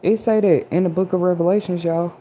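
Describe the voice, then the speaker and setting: A woman's voice: lowish voice, steady tone, fast, warm tone, a little hiss or hum. A woman hosting an inspirational livestream, talking casually and a bit preachily straight to her chat audience. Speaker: livestream host.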